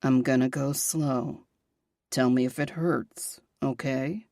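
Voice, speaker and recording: Woman voicing a possessive young man, lowered husky voice, slow murmur, intimate, romance audiobook. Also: steady tone, darkish tone, dry recording, studio quality, heavily acted.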